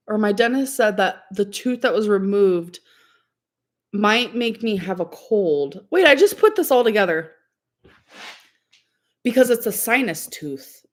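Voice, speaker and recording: A young woman chatting casually on a livestream, rambling and giggling, full of "like" and "um". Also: on the high side.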